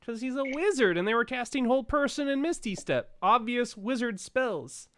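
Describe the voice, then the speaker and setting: A man's voice: very high voice, animated, moderate pace, fairly bright tone, slight background noise. A man playing a tabletop game, chatty and apologetic, rambling on. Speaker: player. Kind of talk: casual tabletop game chat.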